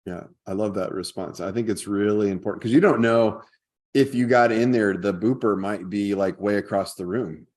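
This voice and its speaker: A very deep-voiced man hosts a podcast in relaxed conversation. He talks easily and drifts into stories from his own life. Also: normal speed. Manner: storytelling, easy and chatty. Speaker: podcast host. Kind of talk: casual chat.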